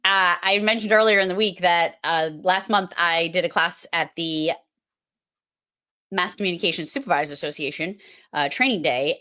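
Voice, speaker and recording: A woman's voice: fairly low pitch, a bit bright. A woman with a strong Boston accent hosting a casual livestream, talking in a playful, emphatic, teasing way. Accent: Boston, Massachusetts. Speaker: host.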